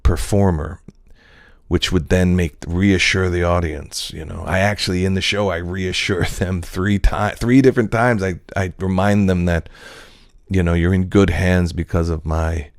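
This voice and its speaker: Deep-voiced man musing aloud. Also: fairly even intonation, unhurried, dry recording, studio quality. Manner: rambling, loose, profane, full of fillers. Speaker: comedian and actor. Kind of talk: casual reflective monologue.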